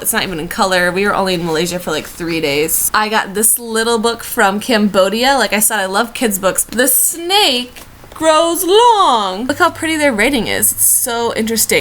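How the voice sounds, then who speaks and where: A woman's voice: medium pitch, pushed and bright, slight background noise, rough recording. A woman in her twenties from the United States, sick and chatting from her bed in a gushing, chatty book vlog. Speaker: book vlogger. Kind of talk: casual vlog chat. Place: in bed at home.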